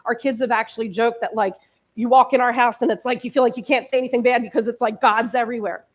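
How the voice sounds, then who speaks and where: A woman in her early forties speaks from the front of a church, telling her own story of lost and found hope. Her voice sits a little high, and she talks in a candid, conversational way that turns emotional as she goes. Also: steady tone, fast talker. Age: 40s. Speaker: guest speaker. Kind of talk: personal testimony sermon. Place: church sanctuary.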